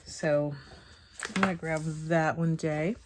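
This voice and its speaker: A woman teaching Bible journaling, chatting softly and thinking aloud with hums and pauses as she works at a craft table. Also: low-pitched, fairly even intonation, background noise. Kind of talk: relaxed craft tutorial narration.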